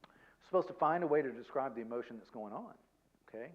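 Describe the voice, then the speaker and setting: A man giving a conversational seminar talk as a guest counselor, self-deprecating and tagging his points with quick check-ins to the audience. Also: medium pitch, expressive, dull audio. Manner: chatty, self-deprecating, peppers points with "okay?" and "right?".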